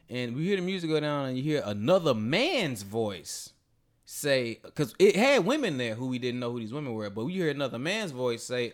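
Brisk and mid-range in pitch, this podcast host narrates a story in casual conversation peppered with swearing. He performs the characters' lines with animated energy.

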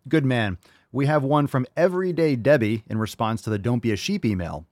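A man's voice: mid-range voice, expressive, fairly quick, darkish tone, no room sound. Male host, casual fitness chat, blunt and profane, dry mic. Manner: blunt, profane, tough-love ranting. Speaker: podcast host.

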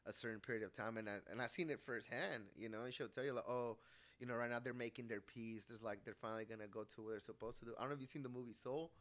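A man's voice: mid-range voice, fast, a bit bright. A middle-aged man, a tattoo artist guest, chatting casually, swearing freely and laughing through his stories. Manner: profane, laughs often, storytelling. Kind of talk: casual chat.

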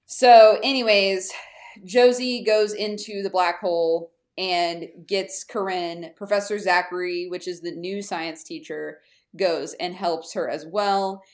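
A woman's voice: fairly low pitch, steady tone, slow. A woman casually recapping a kids' TV episode on a podcast, chatty with lots of fillers. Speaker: podcast co-host. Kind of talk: casual chat recapping a TV show.

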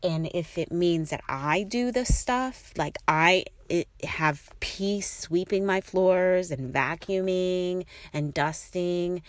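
A woman's voice: lowish voice, slow, hardly any pauses, no echo. A middle-aged woman talking casually to her listeners, rambling and encouraging with many fillers. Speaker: host.

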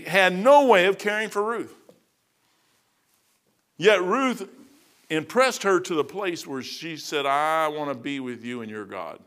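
A man in his sixties preaching a sermon, telling folksy stories with bursts of loud emphasis. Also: fairly high pitch. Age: 60s.

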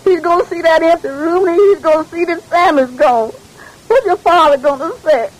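An actress playing a frightened, crying housemaid who pleads anxiously in a 1940s radio drama. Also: female voice, extremely high pitch, moderate pace, poor audio. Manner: pleading, dialect speech.

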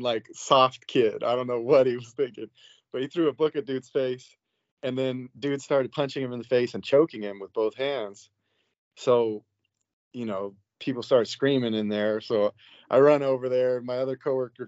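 A man's voice: medium pitch, darkish tone, no echo. A man, a psychiatric nurse being interviewed, telling a story in a loose, casual way, filling his talk with "like" and "you know". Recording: dull, dry, lo-fi sound.

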